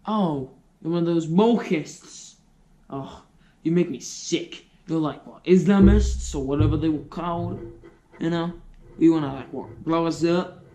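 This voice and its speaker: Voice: medium pitch, lively intonation, slow pace, pauses often, a little mellow. A speaker voicing a cocky man with a put-on Australian accent, who brags at a bar and keeps asking if he is right. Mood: scornful. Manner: brash and boastful, with tag questions. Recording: roomy echo.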